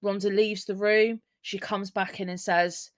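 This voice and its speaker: A woman's voice: mid-range voice, level tone, unhurried. A woman hosting a true-crime podcast in casual chat, speaking, blunt and swearing freely as she laughs through the story. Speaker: podcast host.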